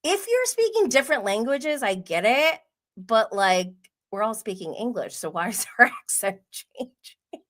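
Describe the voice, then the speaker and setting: A woman hosting a casual pop culture livestream, chatting quickly with many "like" fillers and frequent laughs. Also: a little high, sing-song, a bit bright. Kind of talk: casual gossip chat.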